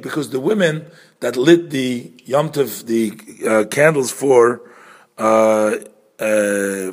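A man with an of giving an informal religious lesson, explaining step by step and often pausing, repeating words and correcting himself. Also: medium pitch. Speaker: teacher explaining prayer customs.

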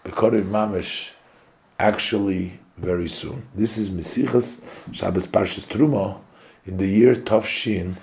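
Man haltingly interpreting a religious talk. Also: lowish voice, gravelly, darkish tone. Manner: halting, delivered in short fragments with pauses and restarts. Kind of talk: phrase-by-phrase spoken translation of a religious discourse.

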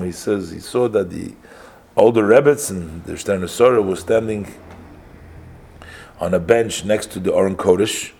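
A man telling a story in a religious lesson, halting, with frequent pauses and self-corrections. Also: low-pitched, vocal fry, warm tone, slightly rough. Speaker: religious teacher.

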